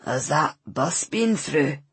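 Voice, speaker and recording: A woman voicing a gruff, heavy-set old man selling a van. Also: a little high, animated, slow pace, a bit bright, no room sound, full character voice.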